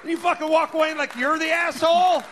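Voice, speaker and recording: A man with a high, bright, forceful voice, ranting on a comedy podcast. He is loud and profane, full of exasperation, and often rises to a shout. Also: flat delivery, fast talker, some chatter behind, slight background noise. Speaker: podcast host.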